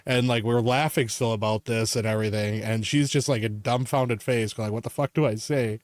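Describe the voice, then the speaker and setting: A man's voice: mid-range voice, fairly even intonation, a little fast, no room sound. A man co-hosting a podcast, telling a story in casual chat, swearing often and laughing as he talks. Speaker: podcast co-host.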